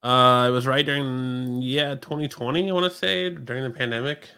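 A man's voice: mid-range voice, steady tone, normal speed, vocal fry, pushed and bright, clean tone. A man with an American accent co-hosting a podcast in casual chat, making dry teasing jokes. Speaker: podcast co-host.

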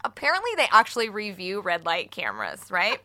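Bright-voiced profane woman telling a story. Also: mid-range voice, brisk. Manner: animated, profane, laughing storyteller. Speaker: podcast co-host. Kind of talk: casual storytelling chat. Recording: studio mic, radio show.

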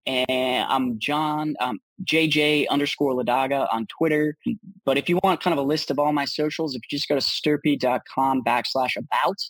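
A man's voice: mid-range voice, fairly even intonation, moderate pace, a bit bright, no echo, poor audio. A man, a startup founder being interviewed, answering in an upbeat casual way with many restarts and fillers.

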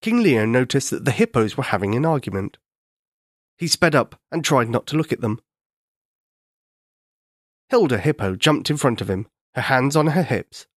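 Expressive man reading a children's story. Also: mid-range voice, normal speed, pauses often, dry recording, studio quality. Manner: gentle, expressive.

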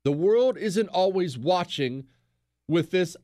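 A man's voice: sits high, unhurried, no room sound, clean studio sound. An American man hosting a political talk show, speaking emphatically and acting out quotes. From United States. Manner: animated, emphatic, acts out quotes.

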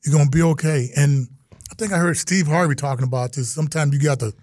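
A middle-aged man from Texas, a retired football player, telling stories as a guest in an animated, exclaiming way. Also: on the high side, fast talker, dry recording, studio quality. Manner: animated, exclaiming, acts out quotes. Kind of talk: storytelling in casual chat.

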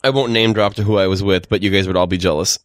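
A man's voice: low voice, quick pace. A man co-hosting a casual podcast chat, telling stories and acting out what people said, his speech a little slurred because half his face does not move. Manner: animated storyteller, acts out quoted voices. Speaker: podcast co-host.

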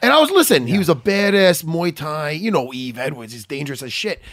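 Brief male podcast host, high gravelly voice, lively, swearing storyteller, dry close sound. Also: brisk, no echo. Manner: animated, profane, laughs often. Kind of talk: casual storytelling chat.

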